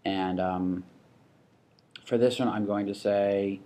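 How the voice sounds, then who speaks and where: A man with a somewhat low voice teaches a screen-recorded software tutorial. He talks casually and thinks aloud, with small restarts and asides, like a parent showing another how it is done. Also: steady tone, takes it slowly. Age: adult with a child.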